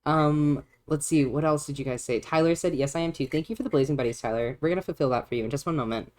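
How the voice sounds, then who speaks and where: Low-voiced, giggly woman streaming a game. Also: quick pace, a little mellow. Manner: giggly, rambling, self-interrupting. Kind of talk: casual live-stream game commentary.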